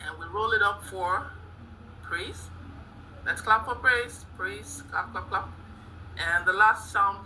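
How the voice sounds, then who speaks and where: A woman's voice: mid-range voice, pushed and bright, a little hiss or hum, poor audio. A woman demonstrating a phonics lesson, cheerfully praising the class and sounding out letters. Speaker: teacher trainee.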